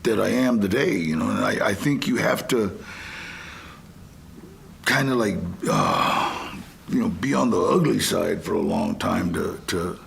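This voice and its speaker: A man in his sixties telling stories in a casual interview, animated and laughing often. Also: fairly low pitch, a little slow, vocal fry, slight background noise. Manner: animated, laughs often, acts out shouted quotes. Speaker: guest actor.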